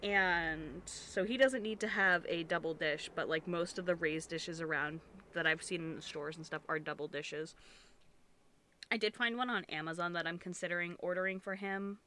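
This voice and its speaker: A woman's voice: lowish voice, moderate pace, bright, forceful tone, slight background noise. A young woman streamer, congested and sniffling, chatting casually and rambling while she crochets, swearing freely and restarting her sentences.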